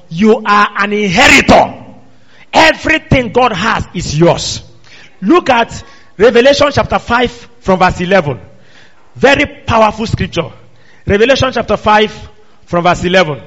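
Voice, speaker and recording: A man preaches a sermon in a fairly high voice, turning to the congregation with repeated questions and rising emphatic cries. The sound is dull and lo-fi, and a long reverb trails each phrase around the church hall. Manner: call-and-response, quizzing the congregation, emphatic rising shouts.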